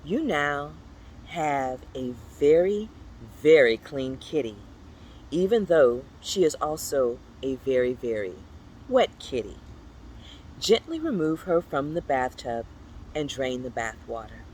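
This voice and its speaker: Playful, animated children's book reader. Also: slow, a little hiss or hum, low-quality recording. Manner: playful, animated read-aloud with high squeaky exclamations. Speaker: storyteller. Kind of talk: reading a children's picture book aloud.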